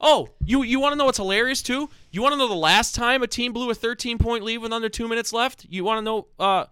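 Man ranting loudly about football. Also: extremely high pitch, smooth, dry recording, studio quality. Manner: angry, loud, swearing, fast repeated phrases. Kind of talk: heated sports fan rant.

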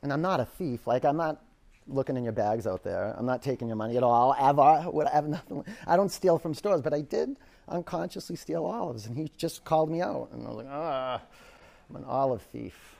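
A man's voice: fairly high pitch, animated, brisk, gravelly, darkish tone. A man teaching a power yoga class in a studio, calling out counts and cues and telling rambling stories between poses.

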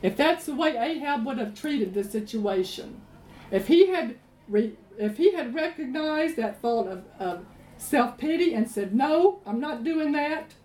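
Animated woman preacher. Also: fairly high pitch, a little slow. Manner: animated storytelling, emphatic. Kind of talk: sermon. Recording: roomy echo, faint ambience.

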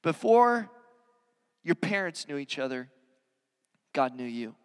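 A man's voice: on the high side, big pitch swings, slow, smooth. A man preaching a sermon as a pastor, earnest and conversational, with many casual fillers. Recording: long hall reverb.

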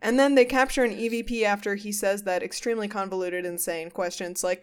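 A woman hosting a podcast in casual comedic chat, animated, swearing freely and acting out quotes. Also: medium pitch, a little fast, hardly any pauses, clear, resonant tone. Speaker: podcast host. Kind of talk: casual comedic chat recapping a ghost show.

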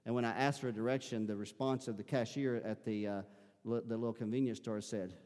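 A man's voice: medium pitch, steady tone, a little fast, darkish tone. A man with a Southern US accent preaching a sermon as pastor, rising into emphatic bursts and calling out to his congregation. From American South. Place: church sanctuary. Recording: live-streamed sermon in a reverberant hall.

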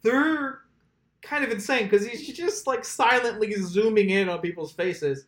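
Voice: mid-range voice, measured pace, fairly bright tone. A podcast host telling a story in casual chat, laughing often and mimicking the people described. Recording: roomy echo.

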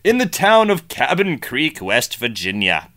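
A man's voice: mid-range voice, wildly swooping pitch, unhurried, bright, forceful tone. A man co-hosting a podcast, chatting about history with goofy puns. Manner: goofy, punning asides. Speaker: podcast co-host. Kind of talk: casual history chat.

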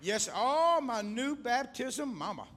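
A male evangelist preaching fervently at a church altar call, shouting one moment and coaxing quietly the next as he calls back and forth with the congregation. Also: extremely high pitch, big pitch swings, takes it slowly, a little hiss or hum. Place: church service before a congregation.

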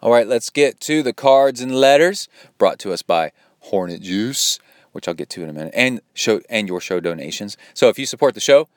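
A man's voice: fairly low pitch, animated, normal speed, no echo, studio quality. A man hosting a podcast and coaching triathletes, chatting casually in a rambling, upbeat way with lots of fillers. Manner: rambling and upbeat, many fillers, mimics watch beeps. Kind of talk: casual chat reading listener donations.

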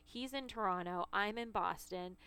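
A woman's voice: mid-range voice, normal speed, sharp tone, clear, resonant tone. A woman in her thirties co-hosting a casual beauty chat, telling stories with frequent laughs. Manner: chatty storyteller, laughs often. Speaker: podcast co-host.

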